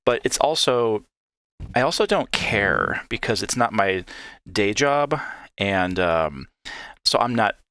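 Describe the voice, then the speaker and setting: A man's voice: fairly low pitch, animated, takes it slowly, fairly bright tone, no echo. A man guesting on a podcast, chatting casually and laughing between points. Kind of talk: casual chat.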